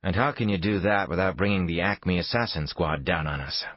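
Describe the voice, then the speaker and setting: A man voicing a sarcastic, guarded male private investigator in an audiobook thriller, with a husky voice. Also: sits low, fairly quick, no echo, dull audio. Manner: sarcastic, exasperated.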